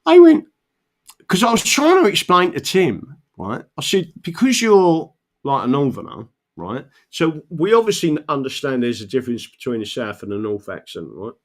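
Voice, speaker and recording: A man's voice: medium pitch, very animated, normal speed. South London man telling rambling stories. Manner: rambling, anecdotal, frequent "right?" asides and laughs. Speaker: political livestream host. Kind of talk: casual chat, storytelling.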